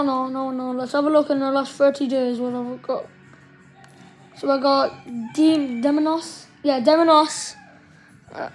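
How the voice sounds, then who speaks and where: A woman chats her way through a gaming session in a high, light voice. Her talk is loose and rambling, with mild swearing. Soft music plays quietly in the background. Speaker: gaming streamer. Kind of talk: casual gameplay commentary.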